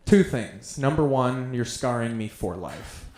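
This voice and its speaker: A man's voice: mid-range voice, animated, measured pace, a little mellow. Profane, self-mocking male stand-up comic. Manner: profane, self-deprecating storytelling. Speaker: stand-up comedian. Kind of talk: stand-up comedy set. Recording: echoey room sound.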